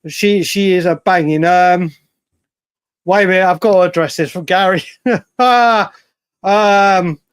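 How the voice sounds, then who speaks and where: A man's voice: high voice, takes it slowly, clear, resonant tone, dry recording. A man with an English accent co-hosting a casual football chat, emphatic and given to repeating himself. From England. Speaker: podcast co-host.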